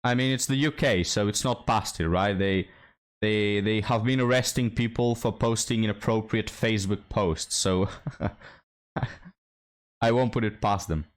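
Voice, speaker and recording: A man's voice: on the low side, a little slow. A young man hosting a reaction commentary, sarcastic and mocking, talking straight to his viewers. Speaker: commentary host.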